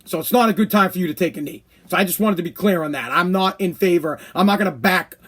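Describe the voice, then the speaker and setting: A man's voice: high-pitched, quick pace, breathy edge. A man hosting his own podcast, ranting bluntly in a casual monologue and swearing often. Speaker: podcast host.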